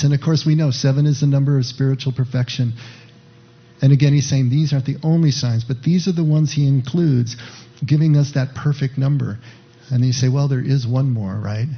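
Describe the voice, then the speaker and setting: Male pastor with a husky voice teaching a casual sermon that checks in with the listener. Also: medium pitch, muffled recording. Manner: conversational teaching with frequent "right?" asides.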